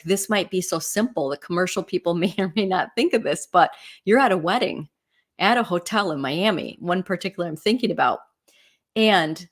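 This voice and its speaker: Midwest woman, middle-aged, a bit low-voiced, chatty realtor telling stories, lots of "right?". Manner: chatty storyteller, frequent "right?" and "you know" asides. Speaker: real estate agent. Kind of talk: casual teaching talk.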